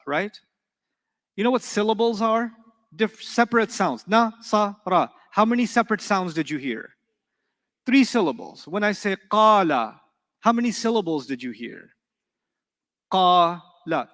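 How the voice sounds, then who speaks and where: A middle-aged man teaches a class, animated and quick to question his students. His voice sits high for a man. It rings out with a long reverb in a lecture hall. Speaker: Arabic teacher.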